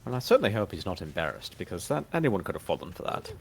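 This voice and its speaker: A man's voice: low-pitched, wildly swooping pitch, fast, vocal fry, husky. A man co-hosting a game stream, chatting casually and joking with frequent laughs. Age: older than his co-hosts. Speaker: podcast co-host playing a game.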